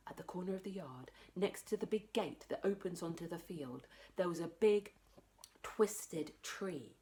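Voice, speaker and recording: Female librarian narrator for a kids' storybook; slow, animated, whispers at tense moments. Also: lowish voice. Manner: expressive, drops to whispers for tension. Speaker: librarian reading aloud. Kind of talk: children's storybook read-aloud.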